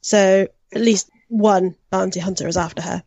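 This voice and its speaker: A woman introducing her tabletop character in a steady, lightly scripted way with occasional uhs. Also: mid-range voice, normal speed, dry recording, muffled recording. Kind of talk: read-out podcast introduction.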